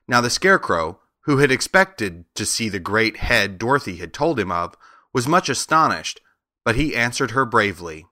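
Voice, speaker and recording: Male narrator for a children's audiobook; bright tone, steady, measured delivery. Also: medium pitch.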